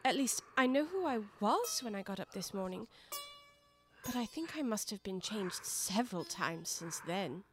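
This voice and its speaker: A woman's voice: sits high, sing-song, moderate pace, over music, voice pushed up. Woman doing a shy, polite young Alice. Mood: polite, puzzled. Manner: polite, hesitant, earnest. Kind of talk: storybook character voice.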